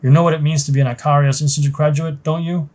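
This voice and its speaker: A man's voice: on the high side, little pitch movement, fast, a little mellow, pitched above the performer's own voice, natural voice. A man reading as a stern female captain. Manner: firm, clipped orders. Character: stern woman military captain, commanding.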